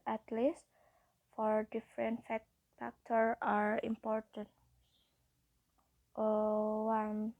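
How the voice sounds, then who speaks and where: Woman w/ indonesian accent, kinda high voice, reads phonology notes slow and stiff then explains. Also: phone-quality sound. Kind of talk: reading a phonology text aloud and explaining it.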